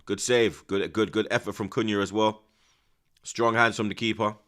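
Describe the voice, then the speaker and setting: Fairly low in pitch and talking at normal speed, a young man delivers live, slang-heavy commentary on a football game as a watch-along streamer. He gets excitable, falls to hushed mutters, and breaks into loud outbursts.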